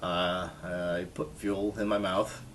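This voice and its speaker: A man's voice: sits low, flat delivery, slow, fairly bright tone, slight background noise. A man casually telling a self-mocking story to his camera in a jokey vlog style. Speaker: vlogger.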